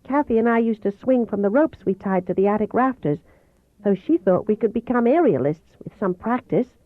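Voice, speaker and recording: A woman's voice: mid-range voice, expressive, normal speed, no echo, voice pushed up, lightly acted. A woman reading as a polite, proud teenage boy who speaks in a respectful, earnest way. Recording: dull, dry home recording.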